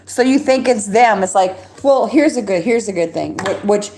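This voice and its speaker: A woman's voice: medium pitch, expressive, darkish tone, slight background noise. Rambling, agitated woman on a live stream. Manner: rapid, agitated, with restarts and laughs. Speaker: livestreamer.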